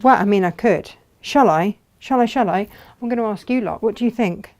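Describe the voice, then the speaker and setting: A woman's voice: medium pitch, brisk, darkish tone. A woman hosting a live textile craft demonstration, chatting and thinking aloud as she works.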